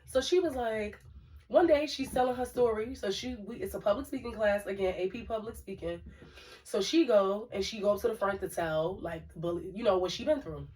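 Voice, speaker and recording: A woman's voice: mid-range voice, fairly quick. New lady cohost rambling through a story, kinda far from the mic, lots of "like". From Brooklyn, New York. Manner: animated, lots of fillers and asides to listeners. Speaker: podcast co-host. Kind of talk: casual storytelling chat.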